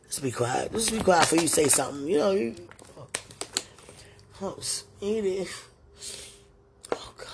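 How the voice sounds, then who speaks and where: A woman's voice: deep voice, animated, moderate pace, creaky, pauses often, darkish tone, husky. A woman talking aloud to God in an emotional prayer, pleading and sighing, worked up and near tears. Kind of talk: emotional spoken prayer monologue.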